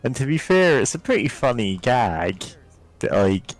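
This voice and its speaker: A man's voice: mid-range voice, sing-song, unhurried, over music. A man chatting casually over a game, making dry, wry remarks. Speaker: let's play co-host. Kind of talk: casual gameplay chat.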